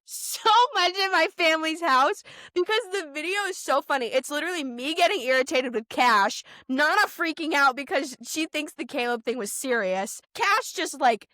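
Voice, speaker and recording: A young woman with a high, bright voice co-hosts a podcast and tells stories with animated energy, laughing between the lines. The sound is close and dry. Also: no echo. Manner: animated storytelling, quick to laugh. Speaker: podcast co-host. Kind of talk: casual chat.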